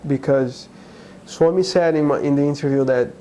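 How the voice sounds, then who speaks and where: A man from Brazil, a guest in an interview, speaking earnestly and haltingly, with frequent restarts. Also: on the high side, mellow, slight background noise, poor audio. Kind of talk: conversational interview.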